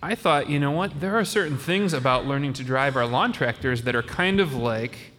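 A man's voice: medium pitch, expressive, moderate pace, a bit bright, in a large hall, a little hiss or hum. A man hosting a podcast, chatting with children and asking them friendly, teacherly questions. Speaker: podcast host. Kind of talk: casual chat with children.

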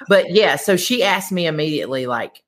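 A middle-aged woman tells a rambling story on a podcast. Her voice sits low but swings widely in pitch. She laughs often and acts out the lines other people said. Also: lively intonation, unhurried. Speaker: podcast guest, baking competition winner. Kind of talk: casual storytelling chat.

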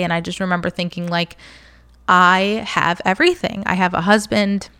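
A young woman vlogger shares a personal story candidly and conversationally, filling it with fillers and "like"s and at times fighting back tears. Her fairly low voice is expressive, pushed, and bright with a clean tone, at normal speed.

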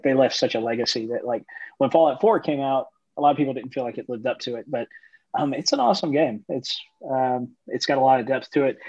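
Relaxed podcast co-host on dull, dry audio. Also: medium pitch, dry recording. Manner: relaxed, hesitant with many ums. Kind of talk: casual podcast chat.

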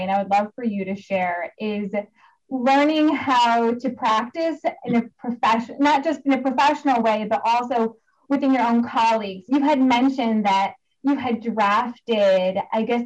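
A woman's voice: fairly high pitch, muffled recording. A woman hosting a podcast interview, asking questions and prompting her guest with short affirmations. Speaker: podcast host.

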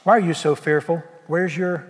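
A male pastor preaching with folksy, exuberant energy and peppering the crowd with questions. His voice sits a little high for a man. It rings out with a long reverb through a church hall. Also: fairly even intonation, normal speed. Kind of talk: sermon. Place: church sanctuary.

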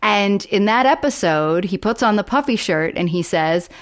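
A woman co-hosting a podcast, chatting casually in a lively way and laughing often. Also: mid-range voice, moderate pace. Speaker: podcast co-host. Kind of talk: casual chat.

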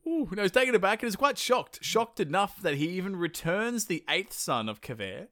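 A man casually retelling a myth on a comedy podcast, animated and laughing as he goes. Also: high voice, normal speed. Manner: animated, laughing, slips into silly voices.

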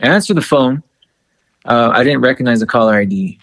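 A man's voice: mid-range voice, fairly quick, no echo. A man, a musician, telling a story in casual chat, swearing freely and acting out dialogue. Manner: profane, animated, acts out dialogue. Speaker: podcast co-host and musician.

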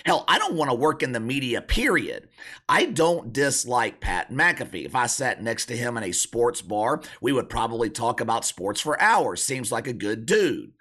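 Hoarse, croaky man doing blunt commentary. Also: medium pitch, bright, forceful tone. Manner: blunt and sarcastic. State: hoarse, sick voice. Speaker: sports commentary channel host. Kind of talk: opinion commentary monologue.

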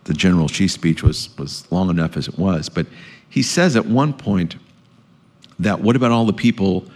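A man speaking as a guest lecturer, answering audience questions in a measured way and often repeating words while he thinks. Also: deep voice, a little mellow. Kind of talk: public lecture Q&A.

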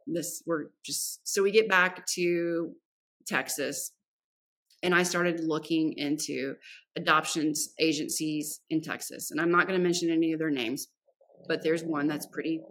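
Low, husky-voiced woman telling her story. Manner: frank and animated, acts out quoted dialogue, swears casually. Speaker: podcast guest. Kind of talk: candid personal storytelling.

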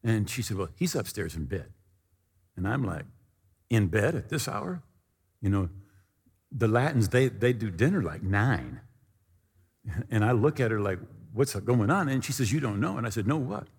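This pastor preaches a sermon full of stories, speaking at a moderate pace in a lowish, gravelly voice with a breathy edge and long pauses. He's animated, acting out the voices of the people he quotes. A large hall gives the recording a long reverb.

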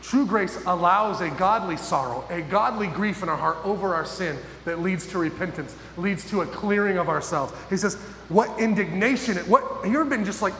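A man preaching a sermon as pastor, emphatic and full of pauses, often asking his listeners questions. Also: high voice, sharp tone. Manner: emphatic, pausing, asks the audience questions. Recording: echoey hall with faint noise.

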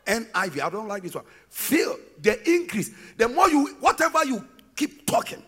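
A man with a Ghanaian accent preaching a sermon in church, breaking into shouts and sing-song cadences. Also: high-pitched, very animated, moderate pace, breathy edge. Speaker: pastor.

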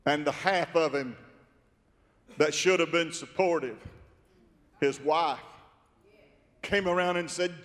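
A male pastor preaching a sermon, swinging from soft, quiet storytelling to dramatic shouting. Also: a little high, takes it slowly, long pauses. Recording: long reverb from a big hall.

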